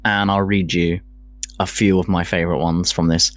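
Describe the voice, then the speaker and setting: A man's voice: low voice, flat delivery, moderate pace, no echo. A man co-hosting a casual podcast, reading from notes, swearing casually and laughing at himself. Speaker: podcast co-host presenting a segment.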